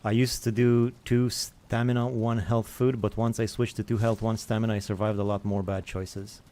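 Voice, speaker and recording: Low, mellow-voiced man playing a game. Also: flat delivery, moderate pace. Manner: rambling, self-mocking, thinks aloud; reads and answers chat. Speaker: gaming streamer. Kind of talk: casual let's-play commentary.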